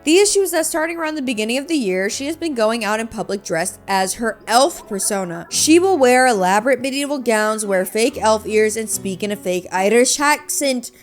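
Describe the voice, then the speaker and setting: A woman's voice: a little high, expressive, brisk, hardly any pauses, soft background music. A woman hosting a podcast, reading online stories aloud and breaking in with profane, sarcastic asides. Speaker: podcast host.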